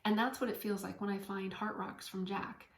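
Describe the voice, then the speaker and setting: A woman's voice: mid-range voice, fairly even intonation, normal speed. Woman medium and podcast host, earnest and encouraging, mid-range voice, roomy echo. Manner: earnest, heartfelt, gently encouraging. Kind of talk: inspirational spiritual talk. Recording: echoey room.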